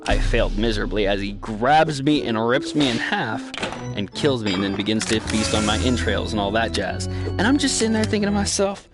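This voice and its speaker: A man casually recapping a game he played, rambling and swearing, with sudden excited high-pitched outbursts. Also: normal speed. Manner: rambling, profane, swings into excited high exclamations. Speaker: gaming storyteller. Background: loud background music.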